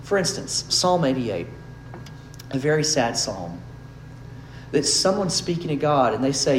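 A man's voice: on the high side, big pitch swings, a little slow, pauses often. Earnest male preacher in a roomy hall. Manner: earnest, rises to emphatic peaks then drops soft. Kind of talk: sermon. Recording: roomy hall sound with faint background noise.

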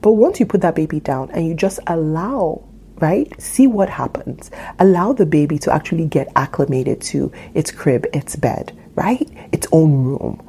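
A woman's voice: deep voice, lively intonation, moderate pace, mellow, slight background noise. A woman hosting a solo podcast, earnest and repeating key phrases for emphasis. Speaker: podcast host and parenting coach.

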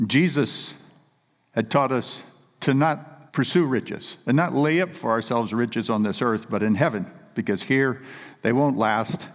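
A man's voice: medium pitch, a little slow. Man, preacher, earnest emphatic sermon, long hall reverb. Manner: earnest, emphatic storytelling with read scripture quotes.

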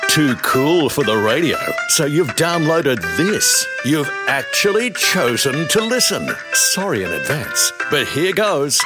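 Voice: medium pitch, big pitch swings, slow, few pauses, over loud music. A station announcer reading a wry, self-deprecating promo voice-over.

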